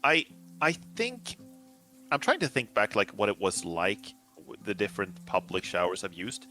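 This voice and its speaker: A man from Finland reads his own visual novel aloud in a low-pitched voice. He is relaxed and laughs easily between lines, moving from read narration to casual chat. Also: moderate pace, soft background music. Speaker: visual novel creator reading his game.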